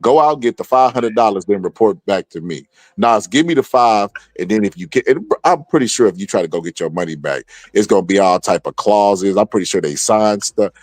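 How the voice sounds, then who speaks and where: Low-voiced man rambling through a story. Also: brisk, no room sound. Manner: animated rambling storyteller, many restarts. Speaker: host. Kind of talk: casual podcast chat.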